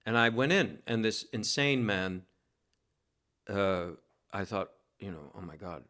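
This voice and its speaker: A man from New York City, a guest telling a lively, self-mocking story in a casual interview and laughing as he goes. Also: on the low side, takes it slowly.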